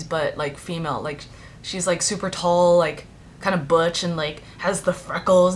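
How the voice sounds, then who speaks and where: In a relaxed vlog, a young woman whose native language is Chinese rambles through chatty stories, saying "like" constantly among many fillers. She has a lowish voice with a fairly bright tone, and some faint background noise comes through.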